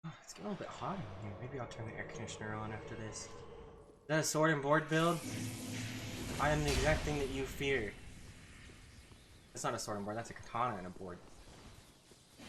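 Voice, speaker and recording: A man's voice: medium pitch, noisy background. Chatty male game streamer. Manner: casual, chatty, quick reactions to the game. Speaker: live streamer. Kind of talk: live gameplay commentary, reading chat aloud.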